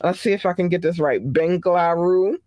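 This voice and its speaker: A show host from Baltimore giving casual, effusive and affectionate shout-outs to listeners, with big playful jumps in pitch. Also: fairly even intonation, fairly quick, no echo. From Baltimore, Maryland. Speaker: podcast host.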